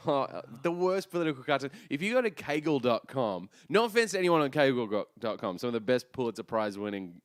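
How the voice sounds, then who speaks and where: A man's voice: medium pitch, big pitch swings, brisk, few pauses, smooth, dry recording, clean studio sound. A man co-hosting a casual comedy podcast, loose and jokey, laughing often. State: recovering from the flu. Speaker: podcast co-host. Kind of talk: casual chat.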